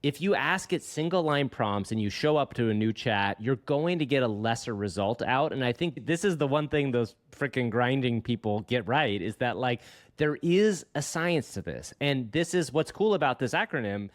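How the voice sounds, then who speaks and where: A man co-hosting a podcast in casual chat, excitable and teasing, quick to laugh. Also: medium pitch, no echo, studio quality. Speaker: podcast co-host.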